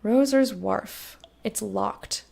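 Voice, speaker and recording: Her voice sits at a medium pitch, very slow, gravelly and a little mellow. She's streaming a game, reading its text out loud and chatting frankly with viewers while swearing freely, in a casual let's-play style.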